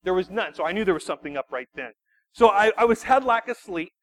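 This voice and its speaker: High-voiced and animated, a male youth pastor preaches a sermon built on personal storytelling, poking fun at himself and restarting often as he goes.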